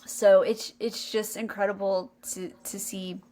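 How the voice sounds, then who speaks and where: A woman's voice: mid-range voice, level tone, a little slow, darkish tone. A young adult woman hosting a podcast, telling a personal faith story in an earnest, emotional way. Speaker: podcast co-host.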